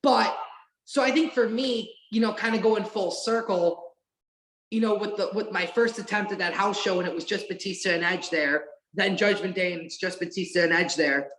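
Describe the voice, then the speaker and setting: A woman guest on a podcast, telling wrestling memories in an excited, rambling way and swearing now and then. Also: medium pitch, moderate pace. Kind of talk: casual podcast chat. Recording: roomy echo.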